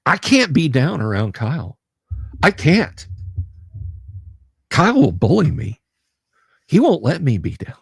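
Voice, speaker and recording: A man's voice: a little high, wildly swooping pitch, measured pace, creaky, pauses often, slightly rough, dry recording, clean studio sound. A man hosting a tabletop gaming livestream in rambling, jokey casual chat, laughing often. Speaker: livestream host.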